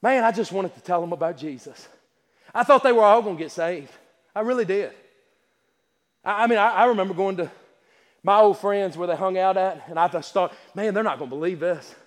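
A man's voice: high-pitched, fairly quick, pauses often. A man preaching a sermon in a folksy, emphatic way, full of stammering restarts. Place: church sanctuary. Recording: long hall reverb.

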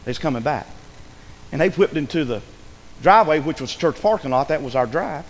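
Fervent preacher in an echoing hall. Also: male voice, on the high side, expressive, fairly quick. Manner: fervent storytelling, swings between hushed and shouted. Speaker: pastor. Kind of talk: sermon. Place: church sanctuary. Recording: echoey hall with faint ambience.

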